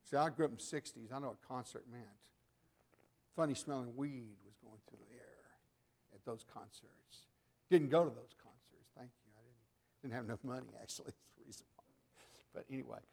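An older man delivering a sermon, telling stories and acting out the voices of the people in them, moving between loud emphatic lines and soft asides. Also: mid-range voice, moderate pace, gravelly, long pauses, husky. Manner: animated storytelling, acting out voices in quotes. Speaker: preacher.

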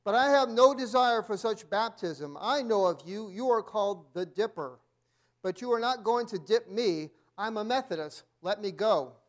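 Indignant young male preacher, high and loud, protesting, read aloud by a man. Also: animated, normal speed.

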